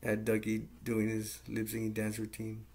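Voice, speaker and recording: Low, flat, gravelly-voiced man. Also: normal speed. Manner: rambling, plain-spoken, with frequent fillers. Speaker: movie reviewer. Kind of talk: casual movie plot recap.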